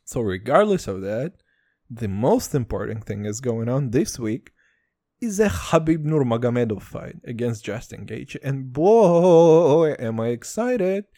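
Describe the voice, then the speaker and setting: A young man from Israel hosting a casual solo podcast, rambling and swearing, with jumps in pitch. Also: very animated, measured pace, warm tone, dry recording, clean studio sound. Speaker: podcast host.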